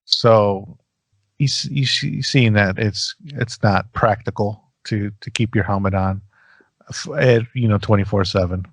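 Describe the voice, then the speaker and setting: A man with a somewhat low voice chats easily as a podcast co-host. He hesitates often and fills gaps with ums, and the sound is dry and close to the mic. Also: measured pace, vocal fry, no echo. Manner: hesitant, many fillers, easygoing. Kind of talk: casual chat.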